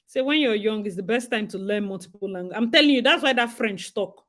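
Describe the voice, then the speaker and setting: A Nigerian woman co-hosting a talk show, chatting in a lively, dramatic way with frequent laughs and asides. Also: mid-range voice, fairly quick. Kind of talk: casual chat.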